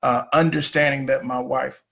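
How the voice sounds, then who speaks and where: Gravelly-voiced man talking frankly. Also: mid-range voice, little pitch movement, fairly bright tone. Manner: earnest, halting, with many restarts. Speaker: pastor. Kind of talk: candid couple talk on a livestream.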